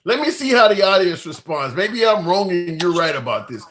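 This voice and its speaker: A man hosts a live debate, pressing his guest with calm, pointed questions. His voice is fairly high and bright, with a lively rise and fall. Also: moderate pace. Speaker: host. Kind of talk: debate show hosting.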